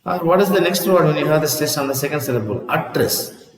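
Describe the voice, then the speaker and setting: A man's voice: on the high side, quick pace, reverberant, in a large hall, distant mic, rough recording. A man teaching an English lesson, repeating words aloud and checking in with "see?" as he explains. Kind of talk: classroom lesson on word stress.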